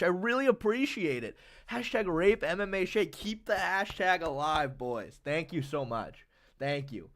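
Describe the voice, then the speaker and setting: A man's voice: a little high, very animated, measured pace, fairly bright tone. A man from the USA hosting a livestream, chatting casually in a rambling, filler-heavy way and swearing freely. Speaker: livestream host. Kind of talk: casual chat.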